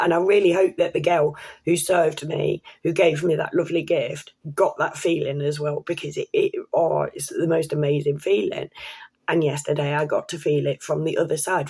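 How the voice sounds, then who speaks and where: A woman telling a personal story to camera in a chatty, excitable way, with casual swearing and slang. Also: low-pitched, breathy edge. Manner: chatty, excitable, laughs while telling stories. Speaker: vlogger.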